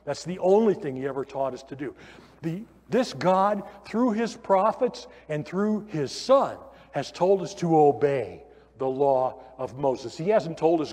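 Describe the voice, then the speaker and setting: Animated preacher man in a reverberant church. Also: on the high side, normal speed, breathy edge. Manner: animated, conversational preaching with rhetorical questions. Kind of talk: sermon. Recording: long hall reverb.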